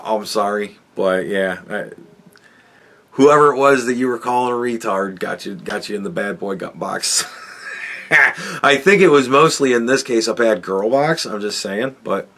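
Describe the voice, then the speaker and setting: A man's voice: on the low side, a bit bright. A man hosting a podcast, giving a sardonic, profanity-laced commentary monologue and chuckling often. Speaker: podcast host.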